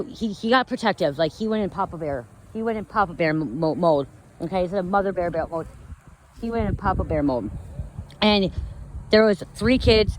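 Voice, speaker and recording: A woman's voice: on the low side, background noise. A young woman telling a story to her viewers, in a rambling way with lots of "okay" and "you guys", filmed on a phone while she walks along a street. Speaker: vlogger. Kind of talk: casual vlog story. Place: outdoors walking on a neighborhood street.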